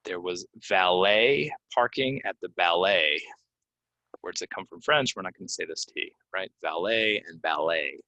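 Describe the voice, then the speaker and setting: A man teaching English pronunciation, reading example sentences and then repeating key words slowly with clear stress. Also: low-pitched, bright, forceful tone, dry recording. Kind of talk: pronunciation lesson. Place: Orlando, Florida.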